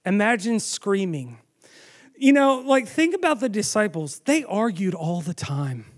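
A man preaching a sermon, telling the story with animated storytelling and asking the audience questions. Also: high voice, unhurried.

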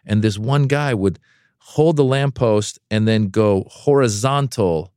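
A comedian, a man, telling a story in a lowish voice, recorded close and dry. He is animated and acts out the people in the story, with sudden jumps up into high, excited voices. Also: unhurried, smooth, dry recording. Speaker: comedian guest. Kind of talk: casual storytelling interview.

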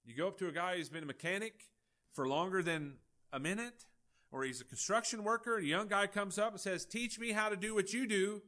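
A male pastor, preaching a folksy, animated sermon with acted-out dialogue. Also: high voice, brisk.

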